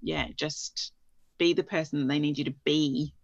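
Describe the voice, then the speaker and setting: A woman's voice: sits low, fairly even intonation, moderate pace, vocal fry, dry recording. A woman co-hosting a casual parenting chat, thoughtful and rambling with fillers. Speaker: podcast co-host. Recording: slightly dull, dry sound.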